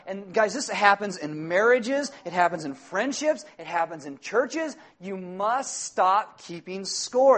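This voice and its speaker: High-voiced animated male preacher. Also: brisk, hardly any pauses. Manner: animated, acts out scenes with exaggerated voices. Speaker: pastor. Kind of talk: sermon.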